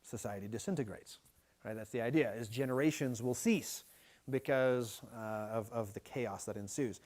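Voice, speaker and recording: A man preaching a midweek Bible study sermon, teaching in a conversational way that is often broken by restarts and quick "right?" checks. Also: medium pitch, a little mellow. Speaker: pastor. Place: church.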